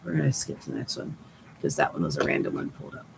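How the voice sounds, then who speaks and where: A woman's voice: extremely low pitch, big pitch swings, fast talker, creaky, background noise. A woman chatting casually on a live stream while sewing, rambling and swearing lightly, her voice cracking and giving out. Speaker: crafting livestreamer.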